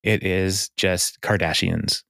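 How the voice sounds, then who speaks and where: Guy w a lowish voice recapping a tv episode on a podcast, quotes the characters, laughs a lot, dry close mic. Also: steady tone, slow pace, vocal fry, a bit bright, dry recording. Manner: retells scenes by quoting the characters, with laughs and fillers. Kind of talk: casual chat.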